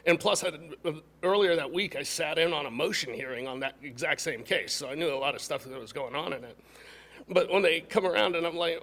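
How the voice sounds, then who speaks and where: A man telling a story in a casual chat as a defense attorney, halting and full of fillers. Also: on the high side, a bit bright. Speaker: defense attorney and podcast co-host.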